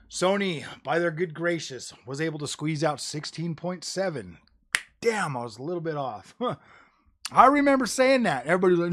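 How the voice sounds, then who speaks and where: A man's voice: fairly high pitch, expressive, fairly quick, a bit bright. A man streaming live, rambling casually about game consoles, saying "dude" and "bro" a lot and cursing now and then. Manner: jokey, drops into mocking voices. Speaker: gaming streamer. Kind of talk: casual livestream chat.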